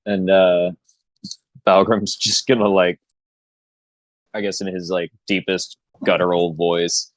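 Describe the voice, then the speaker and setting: A man playing a tabletop game, describing his character's moves and dice rolls with halting fillers. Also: deep voice, level tone, dry recording, rough recording. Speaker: player. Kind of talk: casual tabletop game play.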